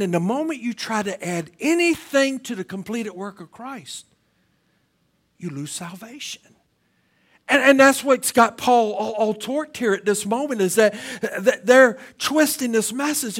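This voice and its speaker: Delivering a sermon in church, this high-voiced male pastor alternates loud, emphatic passages with slow, quiet questions. He frequently repeats words as he begins phrases.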